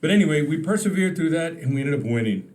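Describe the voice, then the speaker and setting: A man from Texas, a podcast guest, telling lively stories in casual conversation and acting out the people he quotes. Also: a little high, quick pace. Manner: animated storyteller, acts out quoted phone calls with laughter. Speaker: podcast guest, state representative. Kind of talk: casual storytelling interview.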